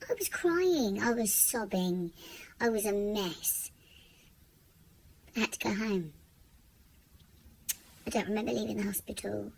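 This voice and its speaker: Halting woman telling her story. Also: medium pitch, gravelly, a little mellow, a little hiss or hum. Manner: halting, repeats words, raw and unscripted. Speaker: vlogger. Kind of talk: personal storytelling vlog.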